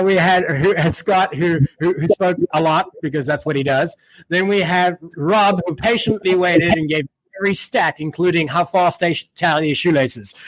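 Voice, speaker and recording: A man with a softened South African accent hosts a casual podcast, his voice sitting a little high for a man. The sound is close and dry, with no room to it. He talks in a relaxed, chatty way. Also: no echo. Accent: blended South African. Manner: chatty, laughs easily, wraps up the show. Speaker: podcast host.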